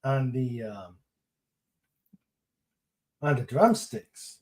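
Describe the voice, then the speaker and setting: Hesitant podcast host, slow delivery, reads listener messages. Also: mid-range voice, very animated, darkish tone, rough recording. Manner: hesitant, many fillers and restarts. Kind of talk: casual podcast chat, reading chat messages.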